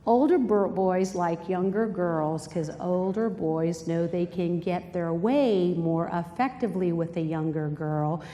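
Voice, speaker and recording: A middle-aged woman giving a lively Bible study talk to an audience, dramatic and jumping into high, shrieking quoted voices. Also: unhurried, hardly any pauses. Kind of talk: animated teaching talk to a live audience. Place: large hall before an audience. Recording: live hall recording with long reverb.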